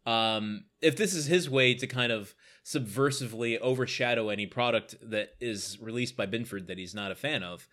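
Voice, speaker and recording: A man's voice: mid-range voice, moderate pace, hardly any pauses, fairly bright tone. A man co-hosting a podcast, chatting casually about a sitcom episode, laughing often and trailing off with fillers. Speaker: podcast co-host.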